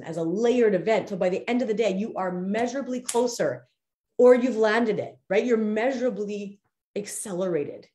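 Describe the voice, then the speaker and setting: Mellow-voiced woman giving an emphatic motivational talk. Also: medium pitch. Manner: emphatic, repeats key phrases, speaks straight to the audience. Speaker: host of a figure skating coaching show. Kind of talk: motivational live-stream talk. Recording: roomy echo.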